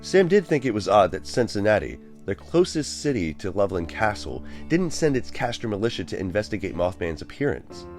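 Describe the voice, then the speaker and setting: A man reading a dramatic story aloud as narrator, with slow storytelling. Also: on the low side, sing-song, soft background music. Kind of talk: audiobook narration.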